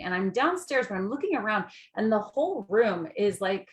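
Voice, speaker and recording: A woman's voice: medium pitch, sing-song, normal speed, roomy sound. A woman, a bereaved mother, telling her story as a guest in an earnest, descriptive way, with vivid images. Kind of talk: personal storytelling.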